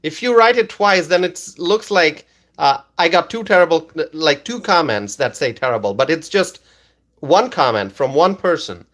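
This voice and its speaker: A man's voice: fairly high pitch, expressive, moderate pace, a bit bright. Insistent man on a political livestream. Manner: insistent, repeats phrases, many fillers. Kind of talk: livestream commentary reading chat comments.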